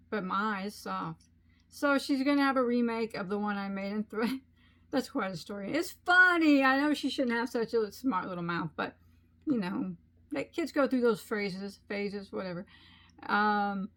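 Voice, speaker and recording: A middle-aged woman chatting casually on her crochet channel, rambling along with frequent ums as she tells a story. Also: mid-range voice. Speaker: crochet vlogger.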